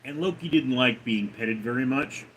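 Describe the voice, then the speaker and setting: A man's voice: medium pitch, moderate pace, fairly bright tone, slight background noise, low-quality recording. A man hosting a casual livestream, rambling offhandedly and reading chat aloud. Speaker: livestream host.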